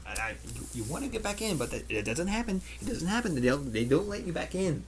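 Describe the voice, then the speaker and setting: A man's voice: high voice, sing-song, quick pace, slight background noise. A young man rambling through an absurd comedic rant over gameplay, stammering and repeating himself often. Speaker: gaming video creator.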